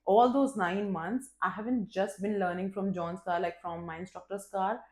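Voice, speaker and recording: A woman vlogger telling a personal story in a candid, expressive, casual way, swearing freely and poking fun at herself. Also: medium pitch, moderate pace. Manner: candid and expressive, with frequent swearing and self-mocking humor. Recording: roomy echo.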